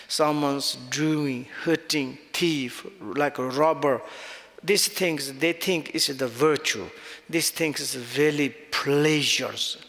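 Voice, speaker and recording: Man, Tibetan accent, dharma talk, halting English, restarts often, long reverberant room. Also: medium pitch, fairly bright tone. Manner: halting non-native English with many restarts. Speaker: Buddhist teacher. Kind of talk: dharma teaching.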